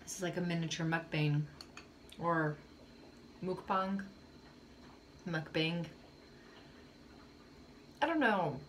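A woman's voice: low voice, lively intonation, moderate pace, slight background noise. A young woman chatting casually to her vlog camera in a rambling way, with lots of fillers and small laughs. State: shivering with cold. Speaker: vlogger. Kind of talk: casual chat.

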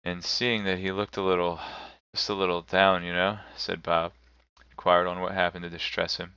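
A man streaming a live narration of a classic novel, telling it in a measured, steady way. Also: sits low, smooth, no echo, muffled recording. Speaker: streamer reading aloud.

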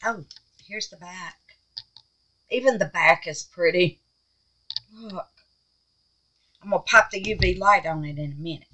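A woman hosting a casual crafting vlog, chatty and excitable, calling her viewers babies and honey. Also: lowish voice, measured pace, long pauses, slight background noise, low-quality recording. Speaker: resin craft channel host.

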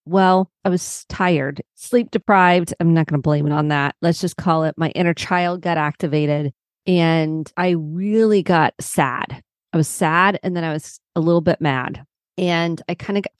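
A woman's voice: lowish voice, a little mellow, no echo, clean studio sound. A middle-aged woman therapist hosting a solo podcast, talking in a reflective, personal and open way.

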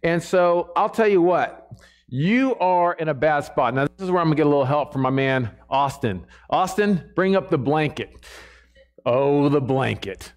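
A man's voice: fairly high pitch, lively intonation, normal speed. A man preaching a sermon to a church congregation in a conversational way, often checking in with the listeners.

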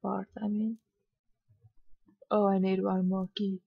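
A woman's voice: mid-range voice, level tone, takes it slowly, creaky, slightly rough, dry recording, phone-quality sound. A woman casually talking through a hidden-object game, sleepy and yawning, muttering with mild exasperation. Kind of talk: casual let's-play commentary.

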